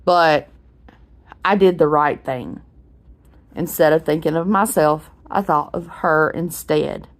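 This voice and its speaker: A woman's voice: deep voice, slow pace. A woman, telling a rambling story in a casual vlog while unwell. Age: 40s. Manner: rambling, chatty, with frequent restarts. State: unwell, clearing throat. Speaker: vlogger.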